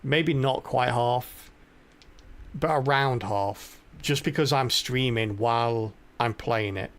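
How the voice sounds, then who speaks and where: A man's voice: medium pitch, a little slow. A middle-aged man streaming a game live, rambling and thinking aloud as he plays. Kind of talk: live gameplay commentary.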